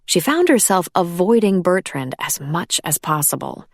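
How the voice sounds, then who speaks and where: A woman narrating an audiobook in a measured, even reading. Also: on the low side, creaky, no echo, studio quality. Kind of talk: scripted narration.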